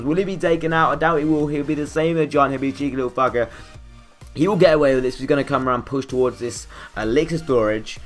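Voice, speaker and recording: A young man talks through his gameplay in a loose, rambling way, counting out loud and cursing casually. He speaks at a quick clip. Faint background music sits under his voice. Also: medium pitch. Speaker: gaming YouTuber.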